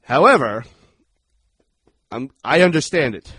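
A man co-hosting a podcast, chatting casually as he recaps a horror movie scene by scene, animated and quick to act out outbursts. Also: mid-range voice, slightly rough, dry recording. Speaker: podcast co-host. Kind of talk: casual movie review chat.

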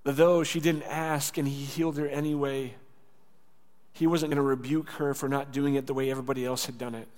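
A man preaching a sermon in a casual, conversational way. He acts out quoted lines and drops to a soft voice for tender words. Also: medium pitch, level tone, fairly quick. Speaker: pastor. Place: church sanctuary. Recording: church hall with long reverb.

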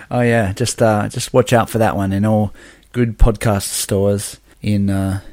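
A man's voice: fairly low pitch, flat delivery, takes it slowly, a little mellow, no room sound, studio quality. A man co-hosting a casual podcast, laughing easily and trading playful banter. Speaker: podcast co-host.

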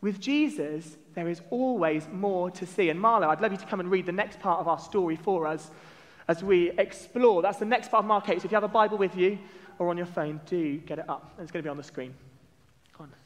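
A man's voice: high-pitched, a little fast. A man leading a church service, joking and running a game with the congregation in a playful family-service style. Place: large church hall with a congregation. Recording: long church reverb.

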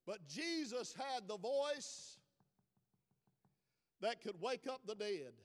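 High-voiced preacher in a big hall. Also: male voice, animated, slow pace. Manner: preaching with dramatic rises in volume. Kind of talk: sermon.

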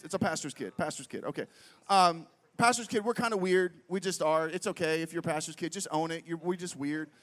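High-voiced middle-aged man preaching in a reverberant hall. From Pittsburgh, United States. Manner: animated, quizzes the crowd with frequent questions, many fillers. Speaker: festival speaker. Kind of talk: humorous storytelling sermon. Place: large festival stage. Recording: long reverb from a large venue.

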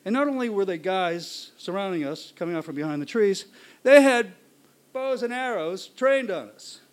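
Brief: high-pitched male storyteller, lively live delivery with acted-out yelps and voices. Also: moderate pace. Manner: animated, acts out shouts and voices.

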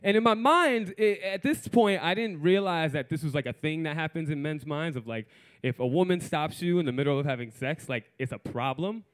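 Man, around 30, slightly high voice, frank profane storyteller, self-mocking, jumps from loud to hushed. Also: a little fast. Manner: animated, shifts from loud to hushed. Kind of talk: personal storytelling.

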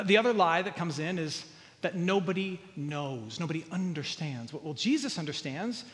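A man's voice: high voice, a bit bright, big-room sound. A man preaching a sermon, earnest, often repeating words and building to emphatic peaks. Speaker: pastor.

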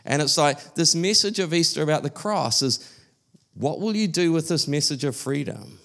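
A man's voice: a little high, expressive, normal speed, creaky, fairly bright tone. Man, preacher, sermon, loose conversational delivery, repeats for emphasis. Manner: conversational, restarts often, emphatic repetitions.

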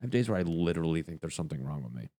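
A man's voice: rumbling low, big pitch swings, rapid-fire, dark tone, no echo, studio quality. A young man doing a crude, rambling stand-up comedy rant. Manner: crude, rambling, jumps into silly voices.

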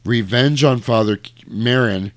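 On a casual podcast, a man speaking at medium pitch walks through a horror movie scene by scene, heard in a dry recording. He's an animated storyteller. He acts out the characters' lines in quick voices.

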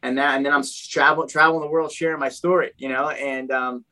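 As a podcast guest, a young man tells his story in casual conversation, animated and fond of saying "dude." He often restarts his sentences, speaking fast in a mid-range voice.

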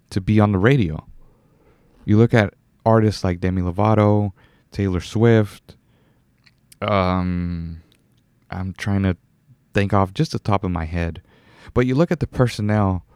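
A man's voice: fairly low pitch, a little mellow, dry recording, clean studio sound. A young man hosting a solo podcast, rambling casually, correcting himself and chuckling now and then. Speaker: podcast host.

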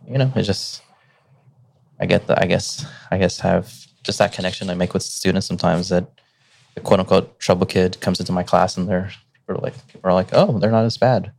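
A middle-aged man, a teacher telling stories in a relaxed, rambling way full of fillers. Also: deep voice, fairly quick, gravelly. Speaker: teacher and podcast guest. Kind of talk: casual conversation.

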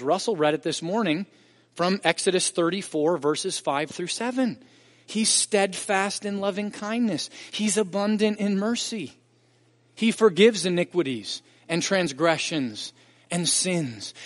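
Male pastor, higher-pitched voice, earnest emphatic sermon delivery, long church reverb. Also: measured pace. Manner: earnest, emphatic preaching with rising intensity. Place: church sanctuary.

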